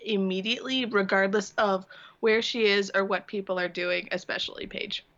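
A woman's voice: mid-range voice, fairly even intonation, normal speed, a bit bright. A woman guest on a podcast, making wry casual asides. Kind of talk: casual chat. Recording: dull lo-fi mic.

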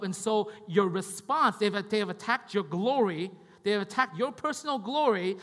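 Lively, conversational male preacher. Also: sits high, long reverb tail. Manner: conversational, repeats himself, keeps checking in with "right?" and "okay?". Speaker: pastor. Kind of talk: sermon.

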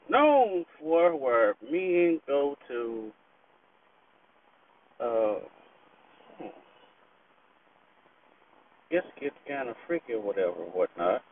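A slightly tipsy male vlogger chats in a laid-back, profane, rambling way from his parked vehicle. His voice is mid-range, and the dry recording sounds tinny and phone-like, with slight background noise.

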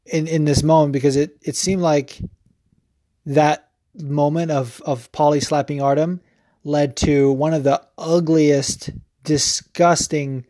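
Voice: mid-range voice, steady tone, slow pace, dark tone, no room sound, studio quality. A podcast host in a casual, profane opinion rant, rambling with lots of fillers. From United States.

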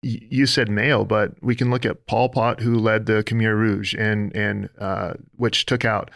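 A man's voice: fairly low pitch, little pitch movement, a little slow, creaky, fairly bright tone, no echo. Earnest preacher-like man, dry sound. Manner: earnest, preacher-like, builds lists and reads quotes aloud. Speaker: podcast co-host. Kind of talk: faith-based podcast discussion.

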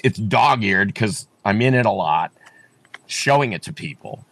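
A man running for office, talking in an emphatic, repetitive way, with frequent restarts. His voice sits at a middle pitch and sounds dry and close, with almost no room around it. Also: fairly bright tone, no echo. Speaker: political candidate. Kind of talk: campaign interview talk.

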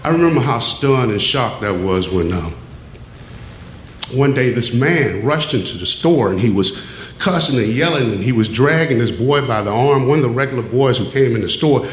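A man telling a true personal story on stage, measured and plain, dropping his voice low at times. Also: animated, a little hiss or hum. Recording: echoey room with faint ambience.

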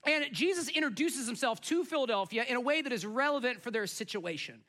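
High, bright-voiced man preaching. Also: fairly quick. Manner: conversational, animated storytelling, asks the crowd. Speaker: pastor. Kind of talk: sermon with storytelling.

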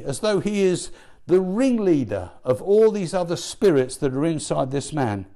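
A man preaching a sermon, asking rhetorical questions and building to emphatic, forceful passages. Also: high-pitched, moderate pace. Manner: animated, rhetorical questions, rising to emphatic peaks.

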